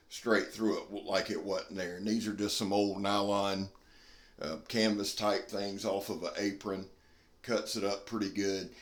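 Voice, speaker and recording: Folksy man reviewing knives, echoey. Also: lowish voice. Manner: folksy, blunt and candid. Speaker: knife reviewer. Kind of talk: casual product review.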